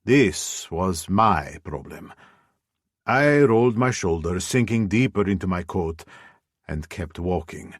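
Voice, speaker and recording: A man reading a first-person audiobook in a measured, brooding way. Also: low-pitched, lively intonation, dry recording, studio quality. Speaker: audiobook narrator.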